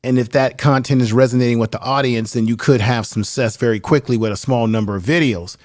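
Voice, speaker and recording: A man's voice: mid-range voice, fairly even intonation, brisk, darkish tone. A man who is a little tired, a guest on a live stream, giving earnest advice about building a channel. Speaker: guest YouTuber. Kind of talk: casual live stream chat.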